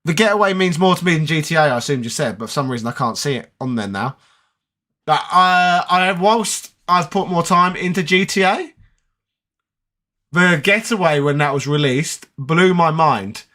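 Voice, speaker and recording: A man chats loosely with his viewers, drifting between points with plenty of ums and uhs. His voice sits a little high and rings bright and forward. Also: animated, moderate pace. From United Kingdom. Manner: chatty, rambling, with many fillers. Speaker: gaming channel host. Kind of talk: casual live chat answering viewer comments.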